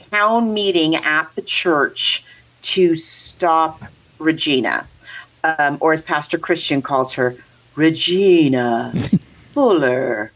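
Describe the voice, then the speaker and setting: A woman's voice: fairly low pitch, a bit bright, low-quality recording. A woman co-hosting a casual movie review chat, rambling and laughing as she talks. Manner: chatty, rambling, laughs often. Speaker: podcast co-host.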